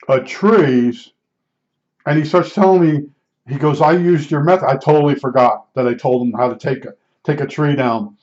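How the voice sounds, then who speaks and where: Man, fairly high pitch, chatty rambling storyteller, restarts a lot, muffled lo-fi audio. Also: a little mellow. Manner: rambling, with frequent restarts and fillers. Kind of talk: casual anecdotal storytelling. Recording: dull lo-fi recording.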